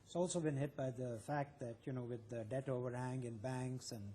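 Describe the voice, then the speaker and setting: A man's voice: medium pitch, fairly even intonation, a little fast, warm tone. A man speaking as a guest on a live TV news panel, hesitant with frequent fillers.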